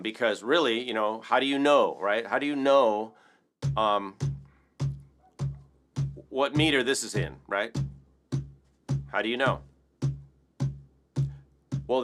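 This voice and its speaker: A man's voice: mid-range voice, a bit bright. A man teaching a casual rhythm lesson, upbeat and chatty, counting beats aloud. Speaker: percussion teacher.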